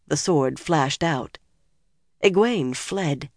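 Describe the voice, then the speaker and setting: An audiobook narrator giving a measured, expressive scripted reading. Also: medium pitch, dry recording, clean studio sound.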